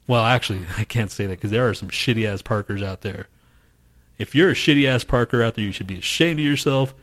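A man's voice: mid-range voice, brisk, a bit bright. A man co-hosting a podcast, chatting casually and swearing a lot while telling a story and acting out quotes. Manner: swears constantly, acts out quotes with laughs. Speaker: podcast co-host. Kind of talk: casual profane chat.

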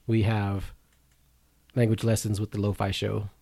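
A man's voice: on the low side, level tone, a little slow, gravelly, dark tone. A man hosting a podcast, swearing casually and pushing the segments along. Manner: bossy, swearing, running the segments. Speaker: podcast host. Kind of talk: casual crude banter.

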